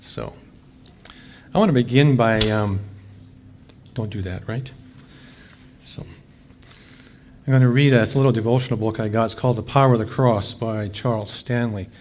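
A man's voice: lowish voice, darkish tone. A middle-aged man giving a casual, folksy sermon as pastor, chatty and fond of saying "eh.".

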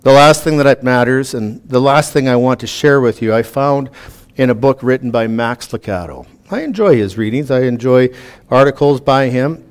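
A man's voice: mid-range voice, normal speed, smooth. A man preaching a sermon to a room, earnest, reading scripture aloud with emphatic rises.

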